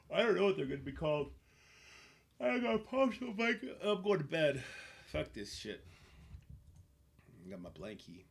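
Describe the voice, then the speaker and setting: A livestreamer with a medium-pitched, vocal-fry voice plays a game live, chatting casually and swearing as he reacts both to the game and to his chat.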